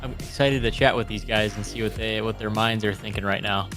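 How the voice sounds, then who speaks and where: A man co-hosting a live stream in relaxed casual chat, laughing often and giving short replies. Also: fairly low pitch, brisk, over music.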